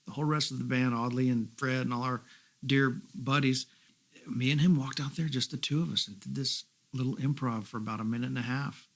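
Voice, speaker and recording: Man, middle-aged, casual storytelling, relaxed rambling anecdotes. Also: mid-range voice, a little fast. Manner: relaxed rambling anecdotes, quotes others, swears. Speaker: guest musician.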